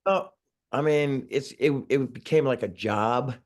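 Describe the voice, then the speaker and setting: A man's voice: medium pitch, a little slow. Rambling man in his sixties on a video call. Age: 60s. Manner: rambling, chuckling, with frequent restarts. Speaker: singer being interviewed. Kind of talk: casual interview chat.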